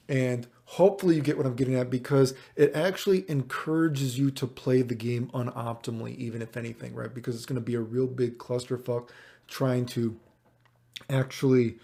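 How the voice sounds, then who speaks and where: A man rambles through casual commentary on gameplay clips, with a mellow, gravelly tone. He swears freely and keeps checking whether the listener follows. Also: mid-range voice. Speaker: fighting game commentator.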